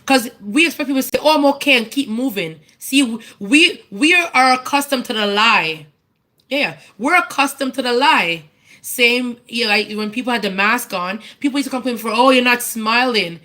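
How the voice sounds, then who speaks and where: A woman's voice: on the high side, lively intonation, moderate pace, sharp tone. Earnest woman searching for words. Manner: searching for words, with frequent restarts and repeats; earnest and candid. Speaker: church speaker giving a tribute. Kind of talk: personal testimony, informal.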